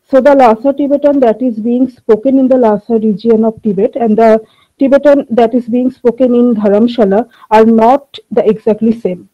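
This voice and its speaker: A woman giving an academic conference presentation on linguistics, talking through her slides in a measured way with frequent filler pauses. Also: fairly high pitch, fairly even intonation, muffled recording. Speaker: linguistics researcher presenting a paper.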